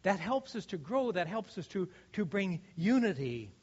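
On a dull, lo-fi recording, a pastor with a high, husky, darkish voice urges his congregation on in an earnest sermon. He is very animated at a normal pace, his pitch ranging widely while he poses questions and starts sentences over.

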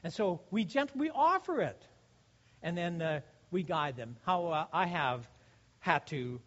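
A male pastor delivers an earnest, exhorting sermon. His voice sits high and swings widely in pitch as he asks the congregation questions and restarts his sentences. The recording sounds dull and lo-fi. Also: animated, unhurried.

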